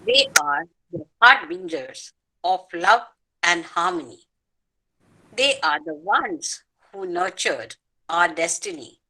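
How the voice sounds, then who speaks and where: Bright-voiced woman reciting poetry. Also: fairly low pitch, low-quality recording. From New Delhi, India. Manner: measured, formal recitation. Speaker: poet at an open mic. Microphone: video call.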